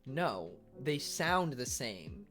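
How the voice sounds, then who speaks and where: Male streamer bantering with chat, sarcastic, often exasperated, very expressive intonation. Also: mid-range voice, drawn-out words, music in the background. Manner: sarcastic, swears, flares into loud exasperation. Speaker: Twitch streamer reading chat. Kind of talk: casual livestream chat with viewers.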